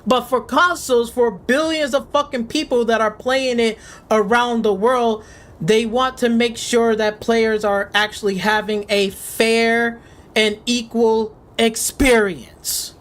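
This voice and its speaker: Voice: mid-range voice, steady tone, unhurried, a bit bright. A game streamer ranting in casual live commentary, swearing freely and sarcastic, faking panic and often repeating words. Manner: profane, sarcastic, mock panic.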